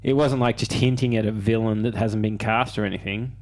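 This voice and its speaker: A man with an Australian accent, a podcast co-host chatting in a relaxed, hesitant way with frequent ums. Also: on the low side, a little fast. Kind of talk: casual chat.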